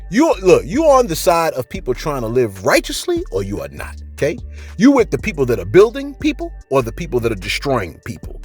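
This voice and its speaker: A man hosting a casual commentary show, preachy and animated, who keeps asking "okay?" and mentions teaching a class. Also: a little high, slightly rough.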